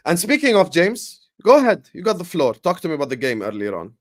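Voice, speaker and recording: A man hosting a football livestream, talking in a hype, energetic way with lots of ums and uhs. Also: sits high, fast. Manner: energetic, hype-style announcing with frequent fillers. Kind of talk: casual livestream chat.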